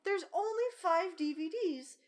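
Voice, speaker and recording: A woman's voice: extremely high pitch, a little slow. A woman co-hosting a podcast in casual chat, ranting animatedly with lots of swearing and laughter. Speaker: podcast co-host.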